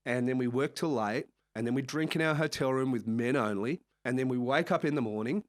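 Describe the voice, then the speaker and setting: A man with an Australian accent, a music manager telling lively anecdotes in a casual interview. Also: mid-range voice, a little fast. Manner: animated anecdotes with frequent laughs and acted-out quotes. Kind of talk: casual storytelling chat.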